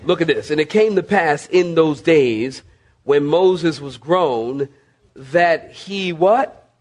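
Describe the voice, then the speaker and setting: A man's voice: on the high side, lively intonation, slow pace, a little mellow. A male pastor preaching a sermon, repeating key phrases and calling on the congregation to respond. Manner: calls on listeners to respond and mark their bibles.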